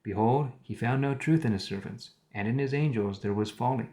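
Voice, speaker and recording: A man reads the Bible live on stream in a warm, mid-range voice. Now and then he stops to rephrase archaic words and give his own commentary.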